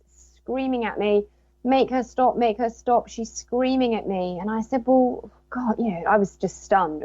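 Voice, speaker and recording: A woman's voice: medium pitch, no room sound, highs cut off. A woman, a guest and author, telling a personal story in casual talk and acting out what people said. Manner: animated retelling with quoted dialogue.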